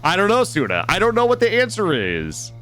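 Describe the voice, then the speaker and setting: An American man with a cold talks casually to his viewers during a game stream, his voice sitting a bit high and swinging widely in pitch. He rambles, restarts sentences and chats over faint background music. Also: wildly swooping pitch, fairly quick, fairly bright tone. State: has a cold. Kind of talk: casual gaming stream chat.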